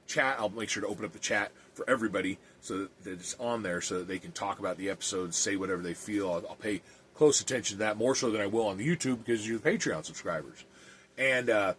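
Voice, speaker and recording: A man's voice: lowish voice, a little hiss or hum. A man who is an evangelist and podcast host, talking earnestly and plainly with some restarts and reading aloud.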